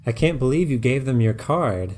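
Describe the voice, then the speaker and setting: A man's voice: mid-range voice, expressive, normal speed, darkish tone, lightly acted. A man voicing a prissy, sarcastic middle-aged male psychiatrist with smug, dry politeness.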